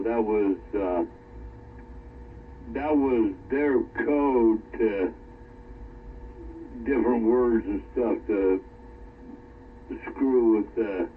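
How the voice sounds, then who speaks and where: Low-voiced man on a tinny radio line. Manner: rambling, halting with many fillers. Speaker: radio chat participant. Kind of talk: casual chat. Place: workshop. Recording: distant, phone-like radio with faint noise.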